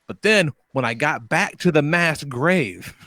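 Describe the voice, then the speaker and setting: A man co-hosting a podcast, telling a game story in casual chat, animated and profane, acting out voices. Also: a little high, a little slow, dry recording, clean studio sound. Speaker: podcast co-host.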